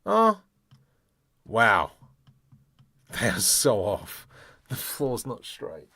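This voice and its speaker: A man with a lowish voice talks slowly through a screen-recorded modeling tutorial, thinking aloud as he goes. He mutters keyboard shortcuts and lets out playful little exclamations at his own mistakes. The sound is dry and close. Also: wildly swooping pitch, bright, forceful tone, dry recording. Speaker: 3D artist demonstrating modeling.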